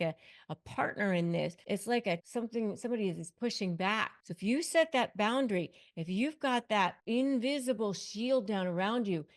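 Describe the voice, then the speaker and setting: A middle-aged woman, a lawyer and negotiation coach, giving emphatic, repetitive advice straight to camera. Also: medium pitch. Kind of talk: direct-to-camera advice talk.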